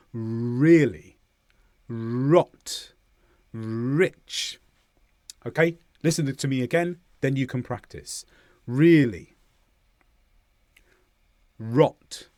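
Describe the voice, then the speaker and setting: A man from southern England with a Southern English accent, teaching English pronunciation and exaggerating each sound slowly as he demonstrates it. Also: mid-range voice, darkish tone, no room sound, clean studio sound. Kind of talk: pronunciation lesson.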